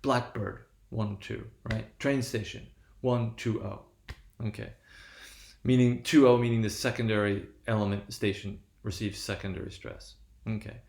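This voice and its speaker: A man's voice: on the low side, level tone, normal speed, creaky, a little mellow. Man lecturing in an echoey room. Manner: explanatory, frequent "right?" checks and self-corrections. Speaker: linguistics lecturer. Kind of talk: classroom lecture on stress patterns.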